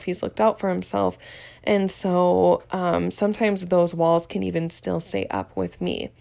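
A young woman with a fairly low, gravelly, warm voice hosts her podcast, speaking candidly and emotionally about her relationship and mental health. Her talk is open and vivid, and she laughs often.

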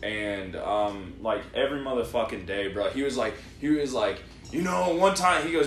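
A man's voice: medium pitch, animated, normal speed, few pauses. Slangy man chatting in an echoey room. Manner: slangy, profane, lots of "bro" and "like". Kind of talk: casual chat. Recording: echoey room with faint music.

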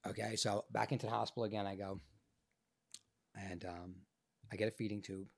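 A man, an actor guest on a podcast, telling a story in a profane, animated way, his voice changed by illness. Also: lowish voice, fairly quick, vocal fry. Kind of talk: casual podcast interview storytelling.

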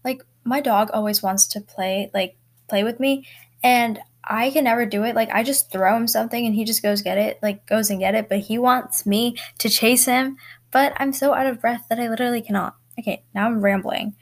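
A woman's voice: on the high side, steady tone, normal speed. A teenage girl hosting her own podcast from home, chatting casually and rambling with lots of fillers and little laughs. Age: teens. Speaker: podcast host. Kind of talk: casual solo podcast chat. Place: bedroom at home.

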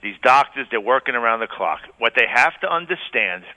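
A middle-aged man calls in to a radio show and tells his stories with animation. He talks fast, and his voice is very bright and forceful. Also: medium pitch, poor audio. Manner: animated storyteller. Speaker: caller.

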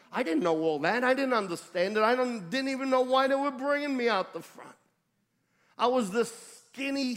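High-voiced New York preacher in a hall. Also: male voice. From United States. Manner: conversational, animated storytelling with self-deprecating humor. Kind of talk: storytelling sermon testimony.

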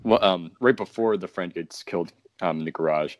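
A man's voice: low-pitched, fairly quick, no echo. A young man casually sharing favorite movie quotes, amused, with plenty of "um.". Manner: amused, filler "um", quoting lines.

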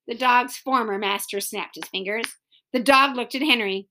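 A woman reading a children's chapter book aloud with expressive storytelling. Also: a little high, moderate pace, a little hiss or hum. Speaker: reader.

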